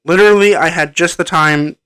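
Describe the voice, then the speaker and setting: A movie reviewer talks casually about a film into a microphone plugged into his computer, rambling and hesitating with lots of ums and restarts. His voice is a little high and fairly quick, pushed and bright, with a clean tone on a dry recording.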